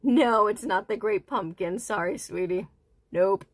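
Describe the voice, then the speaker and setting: Slow-talking woman chatting while crocheting. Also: mid-range voice, no room sound. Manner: counts stitches aloud under her breath, chats with viewers. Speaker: livestream host. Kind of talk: casual crochet livestream chat.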